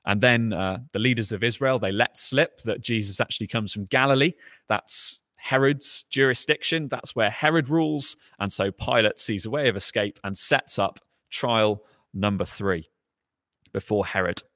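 A man preaching a sermon in a conversational way, voicing quoted lines with lifted pitch and emphasis. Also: moderate pace, a bit bright, no echo, studio quality.

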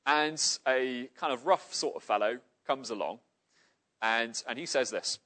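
A man's voice: mid-range voice, a little slow, sharp tone. A man from Cardiff preaching a sermon in an earnest, emphatic way. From Cardiff, Wales.

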